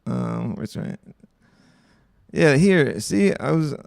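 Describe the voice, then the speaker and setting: A man's voice: medium pitch, lively intonation, takes it slowly, vocal fry, a little mellow, clean tone, no room sound, studio quality. A young man hosting a casual livestream, reading online posts aloud and commenting bluntly with profanity. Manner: blunt, profane, offhand asides.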